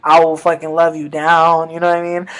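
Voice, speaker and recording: High-pitched animated man, casual storytelling. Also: brisk, smooth, rough recording. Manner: animated, profane, slangy, swings between loud bursts and mutters. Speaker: vlogger.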